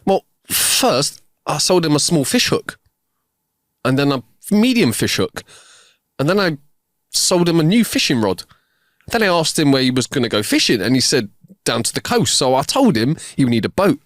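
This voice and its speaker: A man's voice: fairly high pitch, sing-song, moderate pace, dry recording, studio quality, voice pushed up. A man voicing a cocky young male salesman in a joke, barely changing his own voice. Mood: boastful.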